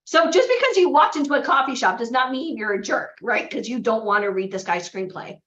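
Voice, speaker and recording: A woman's voice: on the high side, lively intonation, brisk, fairly bright tone. A woman coaching aspiring actors and models at a live seminar, telling stories and checking in with "right?". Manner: chatty storyteller, often adds "right?". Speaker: acting and modeling bootcamp coach. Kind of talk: motivational seminar talk to a live group. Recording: echoey, slightly dull room recording.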